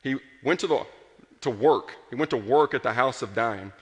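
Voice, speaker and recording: A man preaching a sermon with earnest emphasis, rising to passion and dropping soft. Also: medium pitch, normal speed. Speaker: pastor. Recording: long hall reverb.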